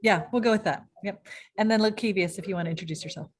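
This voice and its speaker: A woman moderates a panel over a video call, middle-pitched and friendly. She talks with plenty of fillers as she introduces guests and keeps things moving. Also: fast. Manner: friendly, organizing, frequent fillers.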